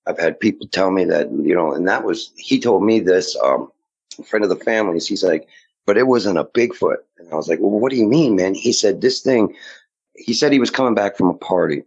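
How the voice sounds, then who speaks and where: Low husky man, rambling storyteller. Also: animated, a little fast, darkish tone. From Maine. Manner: rambling, quotes others in dialogue. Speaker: guest recounting sightings. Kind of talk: casual storytelling. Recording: dull lo-fi audio.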